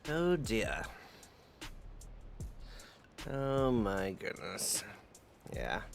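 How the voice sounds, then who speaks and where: A male livestreamer chatting casually with his viewers in a relaxed, rambling way, with many fillers. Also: on the low side, very slow, creaky, soft background music.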